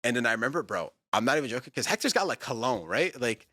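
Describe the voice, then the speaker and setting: Young man, quick and bright, animated storyteller; dry close mic. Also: mid-range voice, no room sound. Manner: animated, profane, fast storytelling with many fillers. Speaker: podcast guest telling a story. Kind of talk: casual storytelling chat.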